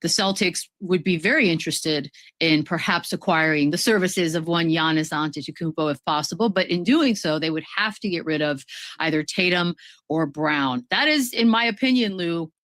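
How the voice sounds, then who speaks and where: A man's voice: fairly high pitch, moderate pace, a bit bright, no room sound, studio quality. A man co-hosting sports radio, laying out a scenario and asking his co-host's view. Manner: poses questions to co-host. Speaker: radio co-host.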